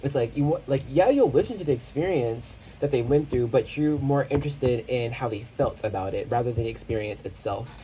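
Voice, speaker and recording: A tarot reader talks through a casual pick-a-card reading in a mellow, rounded voice over faint room ambience. The delivery is reflective and unhurried, with frequent pauses, fillers and restarts while hunting for the right word. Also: medium pitch, a little hiss or hum, poor audio. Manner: searches for words, with many fillers and restarts; reflective, thinking aloud.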